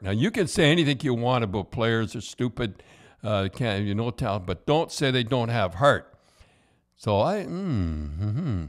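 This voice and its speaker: A man's voice: mid-range voice, lively intonation, normal speed. An older man, telling hockey stories as a podcast host in a loose, rambling way with many restarts and chuckles. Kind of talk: casual storytelling chat.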